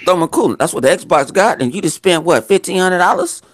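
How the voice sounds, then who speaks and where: Excitable guy on a podcast, quick and jumpy, lively voice. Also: high-pitched, no room sound. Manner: excitable, joking, retells conversations. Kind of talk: casual chat.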